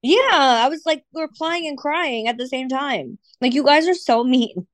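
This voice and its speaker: A woman with a slightly high voice talks through her hurt in a loose, swearing, filler-filled way. She sounds shaken after crying. The sound is close and dry, with no room around it. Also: lively intonation, unhurried, dry recording. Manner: emotional, swearing, filler-heavy. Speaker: podcast co-host. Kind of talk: casual chat.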